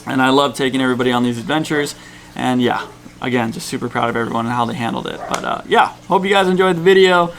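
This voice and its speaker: Outdoors in a jungle canyon at dusk, a cold, tired man vlogs about a canyoning trip. His mid-range voice is fast and a bit bright, with a little hiss or hum, and he rambles in a laid-back way with plenty of fillers.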